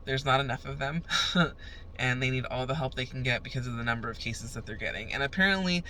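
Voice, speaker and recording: A woman's voice: very deep voice, quick pace, bright, forceful tone, a little hiss or hum. A young woman vlogging in a profane, fired-up rant as she tells a story. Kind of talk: ranting casual vlog.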